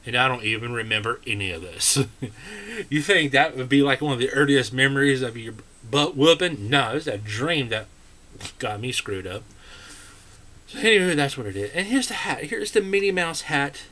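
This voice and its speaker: A man's voice: mid-range voice, animated, moderate pace, bright, forceful tone. An American man telling childhood stories to camera in a casual, rambling way, full of asides and filler words. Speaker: vlogger.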